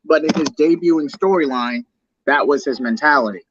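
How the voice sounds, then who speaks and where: A man's voice: on the high side, moderate pace, muffled recording, a crowd in the background. A man co-hosting a podcast, casually discussing a comic-book film in an analytical way and arguing fine points. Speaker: podcast co-host.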